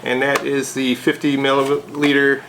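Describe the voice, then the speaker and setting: A man vlogging a casual unboxing of a fountain pen, chatty and relaxed with frequent hesitations. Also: medium pitch, moderate pace, noisy background.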